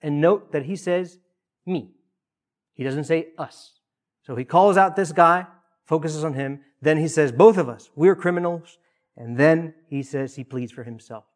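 A man preaching a sermon in an earnest way. He swings between loud emphasis and hushed, quiet asides. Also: on the high side, a little slow. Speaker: pastor.

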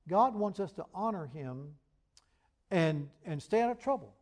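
A man preaching a sermon, earnest and emphatic, who reads scripture aloud in a measured cadence. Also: high-pitched, expressive. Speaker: pastor.

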